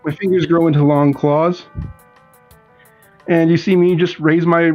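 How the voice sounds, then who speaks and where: A man's voice: a little high, flat delivery, unhurried, highs cut off, soft background music. A man playing in a tabletop game, describing his character in a laid-back way with many fillers. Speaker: player.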